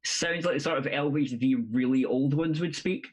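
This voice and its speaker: A player in casual tabletop game chat, animated and swearing, voice jumping when excited. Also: mid-range voice, normal speed.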